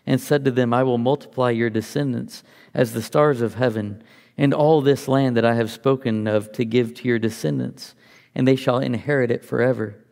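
A man's voice: medium pitch, fairly even intonation, normal speed, gravelly, a little mellow, long reverb tail. A man teaching from the Bible, reading passages aloud and explaining them in a conversational, think-aloud way.

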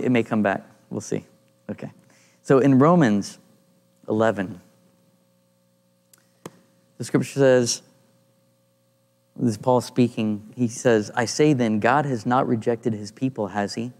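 A man leading an informal Bible study, thinking aloud and pausing to search for passages as he reads and explains scripture. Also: mid-range voice, fairly even intonation, a little mellow. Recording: long reverb in a room.

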